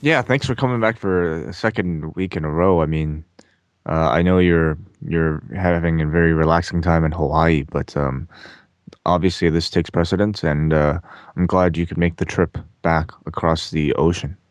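A man's voice: low voice, fairly even intonation, moderate pace, no echo. A man co-hosting a casual podcast, teasing his partner and hesitating with lots of ums. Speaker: podcast co-host.

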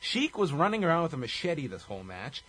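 A man's voice: a little high, sing-song, quick pace, fairly bright tone, husky. A man co-hosting a casual podcast, recapping a wrestling show with a wry, chuckling delivery. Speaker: podcast co-host.

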